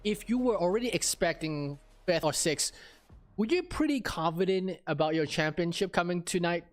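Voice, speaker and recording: High, lively-voiced man interviewer. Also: normal speed, soft background music. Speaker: co-host. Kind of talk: casual post-race interview.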